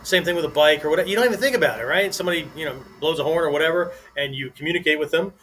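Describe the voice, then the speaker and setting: A man's voice: on the high side, very fast, fairly bright tone. A man hosting a podcast, talking through ideas in a loose, conversational monologue and tagging nearly every thought with "right?". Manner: conversational, constantly asks "right?", restarts sentences. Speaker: podcast host and martial arts teacher.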